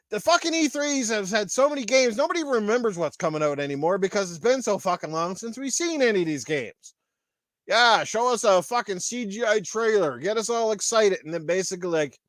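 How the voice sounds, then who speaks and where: A man's voice: high voice, a bit bright, no room sound, studio quality. A man hosting a podcast, angry and heavily profane in a riled-up rant. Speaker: podcast host. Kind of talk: ranting gaming podcast.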